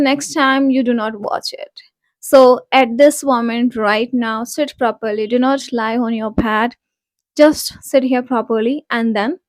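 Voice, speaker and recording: Woman, coach, slightly high voice, repeats words slowly and nudges learners along. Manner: drills words and tongue twisters, repeating each slowly; coaxing and instructive toward learners. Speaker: accent coach. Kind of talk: pronunciation lesson.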